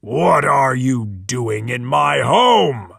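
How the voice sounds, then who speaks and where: A man's voice: medium pitch, animated, extremely slow, gravelly, a bit bright, husky, no room sound, studio quality, full character voice. A man doing a big playful swamp monster. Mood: mock-menacing.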